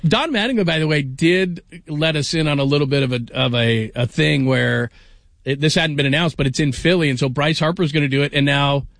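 A man's voice: on the high side, brisk, fairly bright tone, no echo, clean studio sound. A man filling in as a sports radio host, telling stories in a joking, rambling way with lots of restarts. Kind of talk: casual sports radio chat.

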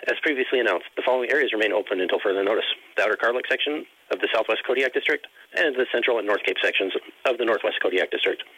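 Guy speed-reading a fishery notice, bright tense voice, super fast, dry sound. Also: fairly low pitch, breathy edge, dry recording, rough recording. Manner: brisk, formal, rapid reading. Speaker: agency announcer. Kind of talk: read official advisory.

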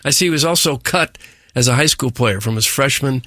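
A man's voice: medium pitch, fairly quick, sharp tone, no echo. A man co-hosting a sports radio show, speaking in a dry, matter-of-fact way.

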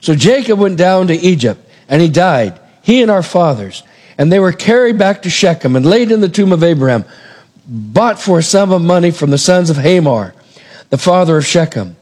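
A man preaching a sermon, retelling a scripture story in a lively way and acting out the characters' lines. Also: fairly high pitch, moderate pace. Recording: long reverb of a large hall.

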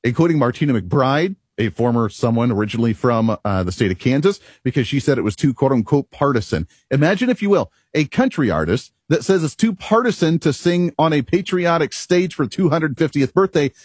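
Husky-voiced male talk radio host. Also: mid-range voice, lively intonation, a little fast, hardly any pauses, a little mellow, dry recording, clean studio sound. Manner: emphatic, rhetorical, chuckles at himself. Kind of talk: opinionated talk radio monologue.

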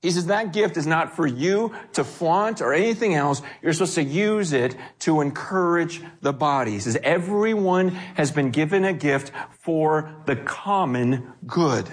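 Animated high-voiced male preacher. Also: a little slow, few pauses, slightly rough. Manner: animated, acts out quoted voices; frequent self-corrections and repeated words. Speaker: pastor. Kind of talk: sermon.

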